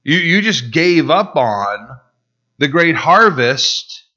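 A middle-aged man preaching in a casual, storytelling way, animated and acting out what people said, with many restarts. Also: a little high, takes it slowly. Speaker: pastor. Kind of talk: conversational sermon with personal story. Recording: dull, slightly lo-fi sound.

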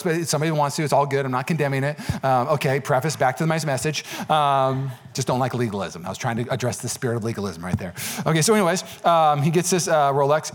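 A young man preaching a sermon as pastor, conversational and joking, building into rising repeated appeals. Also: on the high side.

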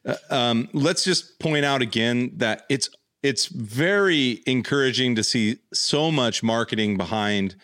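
A man's voice: medium pitch, unhurried, fairly bright tone, no echo. A man hosting a podcast, joking around and rambling in casual chat. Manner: jokey, rambling. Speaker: podcast host.

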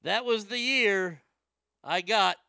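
Man, rambling profane storyteller, bright clear voice, a bit of vocal fry, dry close mic. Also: high voice, slow, dry recording. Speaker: comedian telling stories to a live chat. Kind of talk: storytelling stream chat.

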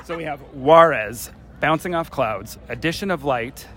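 A man's voice: fairly high pitch, moderate pace. A man who is a concert fan, answering questions and reading out a set list. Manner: reads a list, reacts with easy surprise. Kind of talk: casual interview. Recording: loud crowd chatter behind.

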